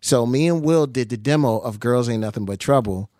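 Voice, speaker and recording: A man's voice: medium pitch, brisk, no echo, studio quality. A man telling stories in casual conversation, acting out the voices of people he quotes. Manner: animated, acts out quoted voices. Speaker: guest recalling his early music career.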